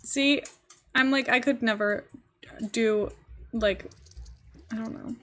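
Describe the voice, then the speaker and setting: A woman's voice: fairly high pitch, fairly even intonation, slow, fairly bright tone. A young woman with a posh English accent, chatting casually and giggling as she streams a game. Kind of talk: casual live-stream chat while gaming.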